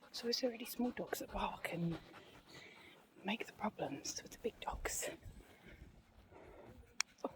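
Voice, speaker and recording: A woman's voice: medium pitch, dark tone, a little hiss or hum. A woman vlogger chatting casually while walking outdoors, rambling and a little out of breath. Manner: rambling, chatty, self-deprecating. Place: outdoors on a dog walk.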